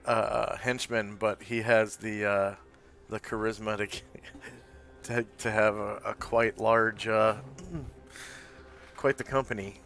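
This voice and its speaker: Slow bright guy running a tabletop game, lots of ums and uhs. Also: fairly low pitch, level tone. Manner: hesitant, full of filler words. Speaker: game master.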